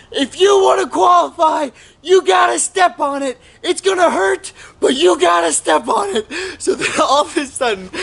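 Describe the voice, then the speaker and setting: A man's voice: high voice, fairly bright tone. A young man earnestly recounting the last miles of his first marathon in a casual story.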